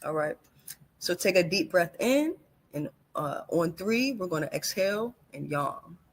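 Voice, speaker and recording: Guest man leading a guided breathing exercise, calm slow counting, voice a bit on the high side. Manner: calm, slow counting instructions with warm laughs.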